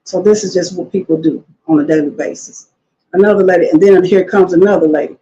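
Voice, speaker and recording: A fast-talking woman with a fairly low voice appears as a guest in a casual interview. She tells stories animatedly, playing out others' remarks in lively voices. The high frequencies are cut off in the recording.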